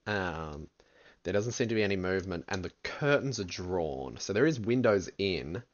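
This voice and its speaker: A man running a tabletop game as game master, describing scenes in a relaxed, rambling way full of fillers. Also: deep voice, normal speed, muffled recording.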